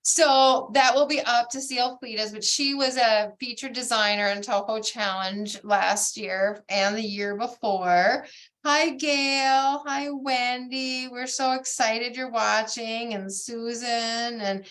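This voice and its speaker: A woman hosting a bead society's video meeting, bubbly and gushing, with lots of excited exclamations. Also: on the high side, slow pace. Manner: bubbly, gushing, keeps saying "oh my gosh". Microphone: video call.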